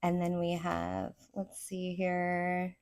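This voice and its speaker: A woman with a Southern accent giving a casual pick-a-card tarot reading, excitable and rambling as she talks to her viewers. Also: lowish voice, slow. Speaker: tarot reader.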